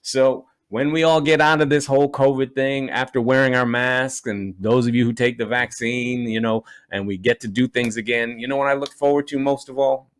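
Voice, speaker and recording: Chatty stand-up comedian, dry sound. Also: male voice, medium pitch, fairly even intonation, normal speed, hardly any pauses, smooth, no room sound. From Canada. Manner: conversational, chatty asides.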